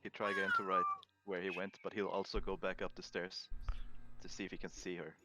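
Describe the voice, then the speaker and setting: A man with a very low voice but a bright, forward tone, describing what his character does at the table. He talks casually, laughs easily and often starts his sentences twice. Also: brisk. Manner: relaxed, laughs easily, restarts phrases. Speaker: player.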